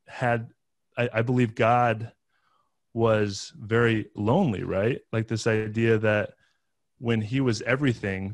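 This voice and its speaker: A man's voice: on the low side, no echo. Earnest man telling a personal story, dry sound. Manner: earnest, restarts and "you know" fillers. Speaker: podcast guest.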